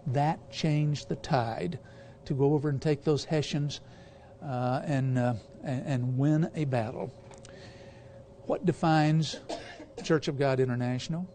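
A man with a high voice preaching a sermon to a congregation. He speaks with emphasis, throws questions out to the listeners and trips over his words at times. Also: steady tone, slow pace, dark tone, a little hiss or hum. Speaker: guest preacher.

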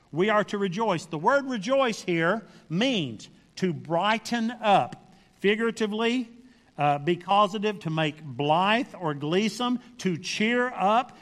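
A man's voice: high voice, in a large hall. A man preaching a sermon, reading scripture aloud and pressing his points with emphatic repetition and questions to the congregation.

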